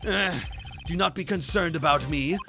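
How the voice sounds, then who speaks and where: A man doing a flustered, pompous gentleman. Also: a little high, moderate pace, soft background music, voice pushed up.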